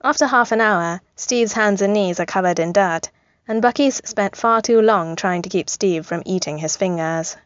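A woman reading a story aloud in an even, gently amused voice, at a middling pitch. The recording is slightly dull and bone dry. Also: moderate pace, no room sound. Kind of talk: reading fan fiction aloud.

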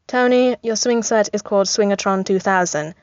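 A woman's voice: medium pitch, normal speed, darkish tone, no room sound, lightly acted. A dry-humoured young soldier, fond and patient, as a woman narrator puts him on. The sound is slightly dull and completely dead. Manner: dry, affectionate. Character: gentle young soldier caring for a baby.

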